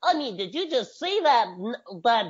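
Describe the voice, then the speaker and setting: A man's voice: extremely high pitch, sing-song, measured pace. Jokey man with dull lo-fi sound. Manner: jokey, mocks commentators in silly voices. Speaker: wrestling review podcast co-host. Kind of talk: casual chat. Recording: dull lo-fi audio.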